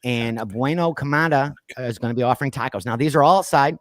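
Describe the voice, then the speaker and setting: A man's voice: mid-range voice, quick pace, fairly bright tone, no room sound, studio quality. A man hosting a casual pop culture podcast, chatting loosely and reading off lists with plenty of fillers. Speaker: podcast host. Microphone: streamed call mic.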